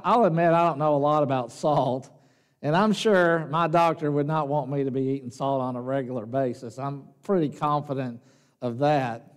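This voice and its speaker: A slightly higher-voiced man with a Southern US twang delivers a sermon in a folksy, chatty manner. He tosses in joking asides, then slows down to stress key phrases. The sound rings with the long reverb of a church sanctuary. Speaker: pastor.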